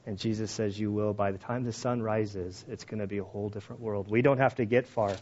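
A man's voice: on the low side, a little fast, dull audio. A man preaching a sermon conversationally, reading scripture aloud and commenting on it in plain everyday words. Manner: conversational preaching, grows loud and animated. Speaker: pastor.

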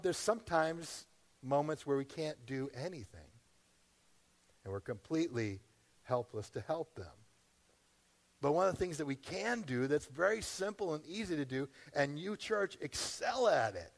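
A man's voice: fairly high pitch, vocal fry, in a large hall. A man as pastor, preaching a sermon in a conversational way, often asking the congregation questions.

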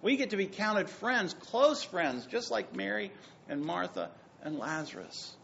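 Guy preaching a sermon, high and gravelly voice, gets loud then goes real soft, kinda dull recording. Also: lively intonation, unhurried, a little hiss or hum. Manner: emphatic, swings between loud and soft. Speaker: pastor.

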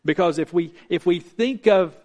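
A man delivers a sermon from the pulpit in a voice pitched a little high. He preaches earnestly, slowing his pace to press home each point. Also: darkish tone. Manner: earnest preaching with emphatic slowdowns. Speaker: pastor.

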